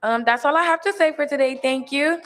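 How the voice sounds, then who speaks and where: A teenage girl with a fairly high voice gives a personal testimony, earnest and halting with frequent fillers. Her voice rings out with a long hall reverb. She comes across as a young student speaker addressing a gathering. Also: fairly bright tone, a little hiss or hum. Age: teens.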